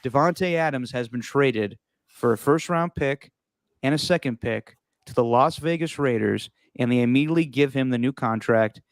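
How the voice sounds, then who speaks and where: A man's voice: mid-range voice, normal speed, dry recording. A young man hosting a casual sports podcast, loose and joking, swearing freely and laughing easily. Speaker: podcast host.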